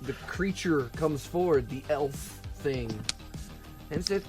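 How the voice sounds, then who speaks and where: Slow, rambling comedic storyteller man. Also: on the high side, a little mellow, faint music behind. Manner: rambling storyteller, puts on silly voices. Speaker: podcast co-host. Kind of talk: casual comedic chat.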